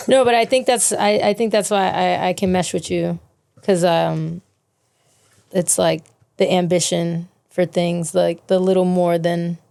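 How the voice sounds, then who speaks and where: A woman's voice: on the low side, takes it slowly, vocal fry, long pauses, smooth. An American woman, a podcast guest, chatting casually and acting out quoted voices as she tells stories. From United States. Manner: animated storyteller who acts out quotes. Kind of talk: casual interview chat.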